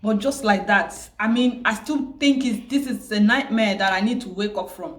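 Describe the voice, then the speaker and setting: A tearful, grieving woman who keeps repeating herself and pausing, vlogging about her loss. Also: mid-range voice, roomy sound. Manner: grieving, repetitive, pausing often. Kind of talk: emotional personal vlog.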